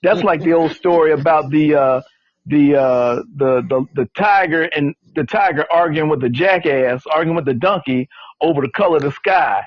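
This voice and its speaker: A man's voice: on the high side, normal speed, no room sound. A man, telling a folksy story in casual chat. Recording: dull, lo-fi sound.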